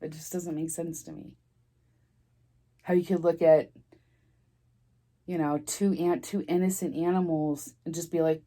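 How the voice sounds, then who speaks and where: A middle-aged woman with a low voice tells her story casually to camera. She rambles and restarts, sounding close to tears. It is a plain storytime vlog delivery. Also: steady tone, warm tone. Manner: rambling, halting, emotional, restarts often. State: tearful, near crying. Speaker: vlogger.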